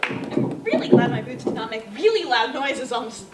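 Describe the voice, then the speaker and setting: A teenage girl starts her story at a school story slam, her high voice bouncing up and down as she chats with a few hesitant pauses. She sounds far from the mic in an echoing room. A clear noise runs under her voice. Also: big pitch swings. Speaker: student storyteller. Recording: roomy, distant, noisy.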